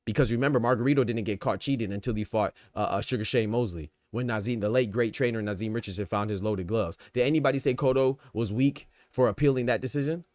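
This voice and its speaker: This American man from the United States hosts a laid-back boxing livestream in a fast, slightly mellow mid-range voice, barely pausing. The recording is dry and studio quality, and he leans on street slang and rhetorical questions with repeated emphasis.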